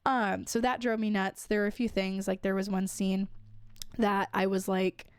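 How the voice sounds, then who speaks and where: A woman talking through her views on a show in a flat, dry delivery, worn down from a recent illness. Her voice sits at a mid pitch and is close and dry, with no room around it. She fills gaps with loose "um"s and "like"s. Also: moderate pace, smooth, no room sound. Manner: frequent fillers like "um" and "like". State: recovering from illness. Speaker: podcast host reviewing a TV show. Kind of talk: casual opinion monologue.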